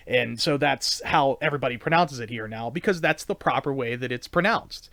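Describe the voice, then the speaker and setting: A man's voice: medium pitch, expressive, a little fast, hardly any pauses, fairly bright tone, no echo. A man hosting a podcast interview, rambling casually with lots of fillers. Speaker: podcast host. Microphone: own recorder.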